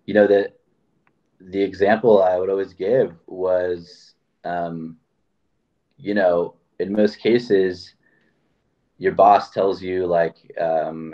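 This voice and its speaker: Man, low-pitched voice, casual rambling chat, dull lo-fi recording. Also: fairly even intonation, unhurried. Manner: rambling, acts out quoted dialogue. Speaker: podcast host. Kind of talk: casual conversation. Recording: dull lo-fi sound.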